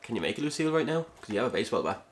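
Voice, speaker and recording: A man's voice: medium pitch, big pitch swings, very fast, slight background noise. A man playing a video game and chatting casually with his co-host, laid-back and teasing. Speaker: let's play co-host. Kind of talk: casual gaming commentary.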